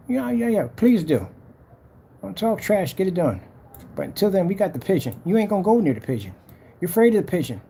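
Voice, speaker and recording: A man's voice: high voice, very animated, fairly quick, gravelly, dark tone, a little hiss or hum. A man ranting casually to camera, boastful and challenging, repeating himself and daring rivals. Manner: trash-talking, challenging, repetitive. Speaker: vlogger selling projector screen paint.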